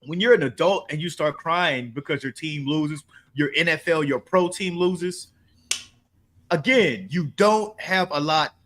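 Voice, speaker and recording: Sports pod guy talking loose and salty, kinda high voice, does little bits of other people's lines. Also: a little slow, a bit bright, slight background noise. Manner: loose, profane, acts out what others say. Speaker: sports podcast host. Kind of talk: casual sports chat.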